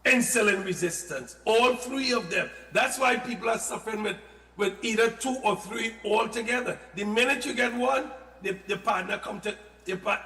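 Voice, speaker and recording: A man explaining health products in casual, animated talk, often repeating words and adding playful asides. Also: sits high, moderate pace. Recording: echoey studio with long reverb.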